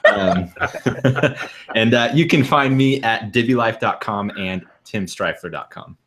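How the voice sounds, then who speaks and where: A man from Texas, guesting on a panel chat in a relaxed, drawn-out way. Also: fairly low pitch.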